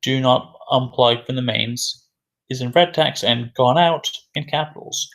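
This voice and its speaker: A man's voice: mid-range voice, a little slow, creaky, a bit bright. A man teaching an English vocabulary lesson who repeats key words and asks questions before answering them himself.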